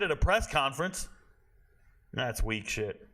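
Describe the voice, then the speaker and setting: A man hosting a college football show, giving blunt, profane, animated opinions and muttering to himself as he checks stats. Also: a little high, normal speed. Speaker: college football podcast host. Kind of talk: casual opinionated commentary.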